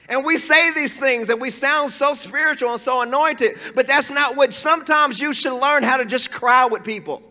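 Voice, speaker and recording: A man's voice: very high-pitched, moderate pace, hardly any pauses, bright, forceful tone, long reverb tail. A man preaching a sermon in a conversational, emphatic way, with asides and chuckles.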